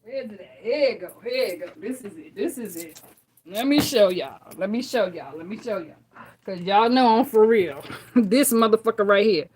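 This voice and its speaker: A woman's voice: mid-range voice, lively intonation, moderate pace, darkish tone. A woman tarot reader chatting casually with viewers, brash and profane, laughing often.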